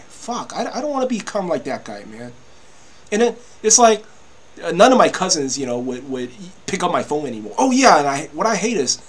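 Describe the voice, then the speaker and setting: Fifty-something guy venting to the camera, high voice that swings all over, keeps restarting and saying "you know", swears a lot. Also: a bit bright, slightly rough. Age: 50s. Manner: agitated, repetitive, stammering restarts, peppered with "you know"; swears freely. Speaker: vlogger. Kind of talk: ranting monologue to camera.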